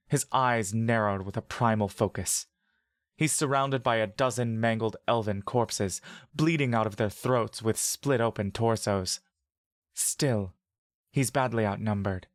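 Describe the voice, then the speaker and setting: A man reading a scripted second-person fantasy story in a steady, vivid storytelling manner. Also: mid-range voice, no echo, studio quality. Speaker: narrator.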